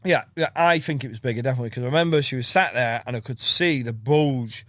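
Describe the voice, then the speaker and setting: A man's voice: mid-range voice, fast talker, fairly bright tone, no room sound, clean studio sound. A man chatting as a podcast guest, a rambling storyteller who acts out what people said and laughs often. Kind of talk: casual chat.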